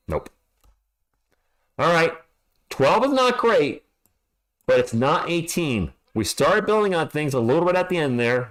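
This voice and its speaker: A man calling a live game as a fan play-by-play streamer. He is excitable, talks to his chat, and yells at the team, alone at home. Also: medium pitch.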